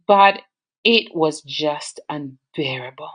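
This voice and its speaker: An Australian woman telling a relationship story in a casual, conversational way. She keeps it animated, pushing her pitch up sharply for emphasis. Her natural voice sits a little low. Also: a little slow.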